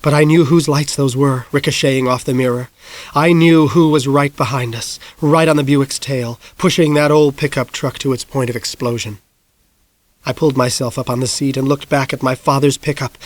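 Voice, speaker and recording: A man in his forties narrating an audiobook in a measured storytelling voice, close on a studio mic. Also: medium pitch, no echo. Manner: measured storytelling, rising to shouts in action. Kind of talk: scripted narration.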